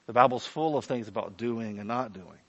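A man preaching a sermon in an animated, conversational way with playful asides. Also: mid-range voice, fairly quick, no room sound, muffled recording. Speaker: pastor.

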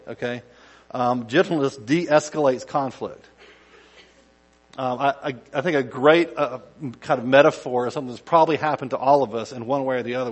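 A male pastor giving a conversational sermon, dropping to quiet asides and rising to loud acted-out shouts. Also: mid-range voice, poor audio.

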